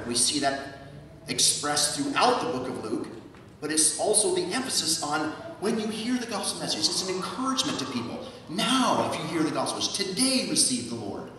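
Echoey pastor preaching from afar. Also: male voice, on the high side, sharp tone, slight background noise. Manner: preaching with rhetorical questions and emphatic repetition. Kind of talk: sermon. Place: church sanctuary. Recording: echoey church hall, from far off.

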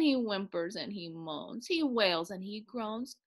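Expressive woman reading a children's book. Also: mid-range voice. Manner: sing-song, expressive, slowing for refrains. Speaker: storyteller. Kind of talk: children's read-aloud.

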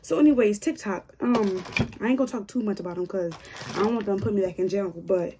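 A woman's voice: mid-range voice, a little fast, warm tone, a little hiss or hum. A woman chatting casually to her viewers while doing her own hair, joking and grumbling to herself as she goes. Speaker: hair vlogger.

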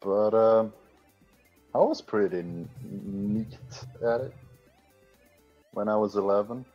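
A man's voice: lowish voice, takes it slowly, dull audio, soft background music. A man in his twenties chatting on a stream who hesitates and stumbles over his words. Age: 20s. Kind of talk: casual stream chat.

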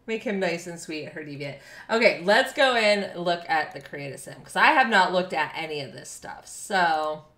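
A woman's voice: on the low side, animated, a little slow, bright, forceful tone, echoey room. A woman streaming a game live, chatting with her viewers, thanking them and laughing often. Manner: bubbly, reads and thanks chat, laughs often. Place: home room.

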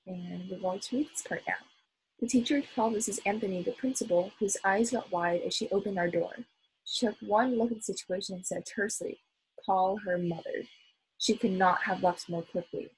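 A woman reading a children's novel aloud, expressive, with small slips and restarts. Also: medium pitch, fairly quick, a little hiss or hum, rough recording. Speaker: volunteer reader.

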